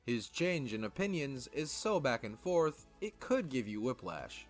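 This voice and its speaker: A man narrating a scripted video essay with a wry, lively delivery. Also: mid-range voice, measured pace, soft background music.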